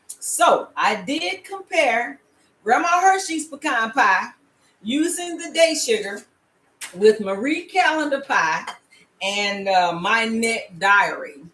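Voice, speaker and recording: Older woman, chatty home-cooking host, playful check-ins, mid-pitched voice, roomy echoey kitchen sound. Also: fairly bright tone. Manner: chatty, playful, frequent laughs and "all right?" check-ins. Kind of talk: casual recipe demonstration. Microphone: laptop camera.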